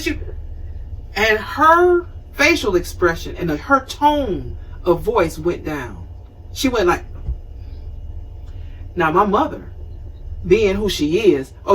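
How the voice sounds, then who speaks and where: A woman in her fifties hosting a talk show, telling a personal story in an animated, conversational way and acting out scenes. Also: medium pitch, slightly rough, distant mic, low-quality recording. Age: 50s. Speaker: show host.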